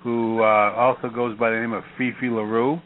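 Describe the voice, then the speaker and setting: A man's voice: mid-range voice, flat delivery, a little fast, a little hiss or hum. An older man hosting a call-in radio show, talking bluntly, sarcastic and profane. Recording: phone-like line.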